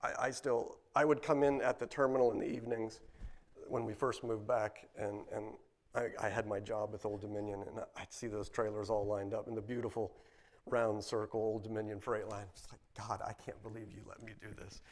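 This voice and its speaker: A man's voice: on the low side, level tone, normal speed. Middle-aged man giving a rambling church testimony. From Ohio, United States. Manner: rambling, with many restarts and filler words. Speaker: guest speaker at church service. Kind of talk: personal testimony in a church service.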